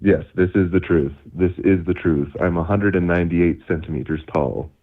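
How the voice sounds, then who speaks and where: A deep-voiced young man speaking at normal speed calls in on a phone line. He chats casually and ramblingly, laughs often, and says "like" and "dude" a lot.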